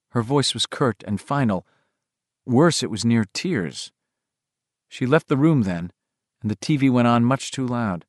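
This audiobook narrator is a man with a mid-range voice who gives a novel a steady, expressive reading. The audio is studio grade, free of any room sound.

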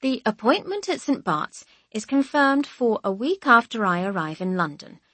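Breathy woman narrating a wry audiobook. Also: a little high, no echo. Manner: wry, measured, expressive. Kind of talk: scripted first-person audiobook narration.

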